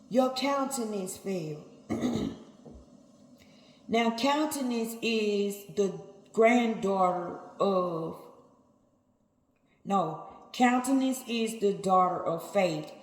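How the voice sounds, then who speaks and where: A woman preacher delivering a sermon, emphatic and repetitive, talking straight to her listeners. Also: mid-range voice. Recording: echoey hall, faint ambience.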